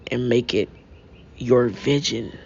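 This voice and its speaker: A stern undead lord father, as a storyteller puts him on, speaking low and hushed with solemn weight. The pace is slow and the recording sounds dull and lo-fi. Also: creaky. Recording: dull lo-fi mic.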